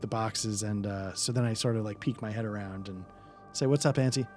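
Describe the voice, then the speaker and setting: A man's voice: fairly low pitch, steady tone, normal speed, soft background music. A man playing in a tabletop game, casually and a bit sheepishly describing what his character does. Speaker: player.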